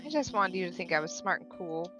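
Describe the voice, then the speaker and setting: A woman's voice: fairly low pitch, animated, quick pace, music in the background, voice pushed down, close to an everyday voice, rough recording. A woman voicing a nervous, nerdy lizard-woman scientist, reading game dialogue in a flustered, stammering way.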